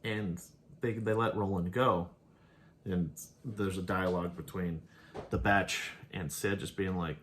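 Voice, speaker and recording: A man's voice: sits low, normal speed. A man casually recapping and reviewing an episode, rambling and laughing as he paraphrases the characters. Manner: rambling, laughs often, quotes characters offhandedly. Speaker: show host reviewing episodes.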